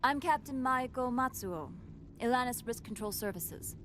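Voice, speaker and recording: Stern security captain. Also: female voice, sits high, animated, normal speed, background noise. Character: stern female security captain, officious and formal. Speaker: game character. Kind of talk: video game voice acting.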